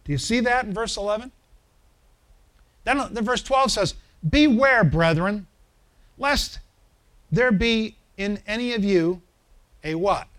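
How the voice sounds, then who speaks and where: High-voiced preaching pastor. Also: male voice, unhurried, long pauses, a bit bright. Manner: preaching with emphatic swells and questions to the congregation. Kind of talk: sermon.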